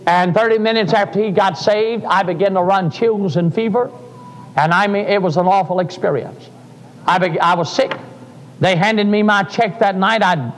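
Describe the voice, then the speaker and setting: Old preacher guy, high pitched, tells stories then cries out, church echo. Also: a little hiss or hum. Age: older. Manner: folksy storytelling, rising to fervent cries. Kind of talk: sermon. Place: church sanctuary. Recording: live sermon in a reverberant church.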